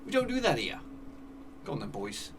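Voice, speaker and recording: A man giving excitable live commentary over a football management game, cheering at goals and talking to his players. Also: mid-range voice, moderate pace, recorded from a distance, background noise. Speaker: gaming YouTuber.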